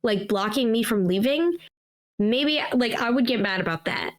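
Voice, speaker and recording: A woman's voice: on the high side, animated, moderate pace, crowd noise. A young woman guest chatting casually on a stream, giggly and a little hesitant. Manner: giggly, hesitant, self-conscious. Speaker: guest co-host. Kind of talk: casual reaction chat.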